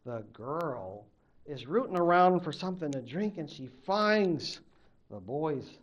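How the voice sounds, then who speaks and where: A man from a Native American tribe, a college literature instructor telling a legend in an animated lecture, acting out the characters. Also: a little high, a little slow, highs cut off. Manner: animated, acts out the characters' voices. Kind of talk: storytelling lecture.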